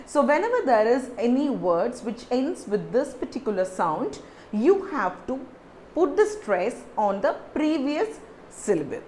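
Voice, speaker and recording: Woman trainer, Indian English accent, lively high voice, instructive, slight hiss behind. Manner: instructive, repeats words and spells them out. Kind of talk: teaching lesson to camera.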